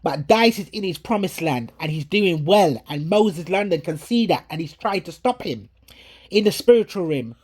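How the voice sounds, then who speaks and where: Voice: mid-range voice, animated, normal speed, slightly rough. A preacher in England giving an earnest, preachy warning about a dream and quoting scripture, recorded on a handheld phone. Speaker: prophetic ministry preacher. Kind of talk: commenting on a dream and a played video. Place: at home in England.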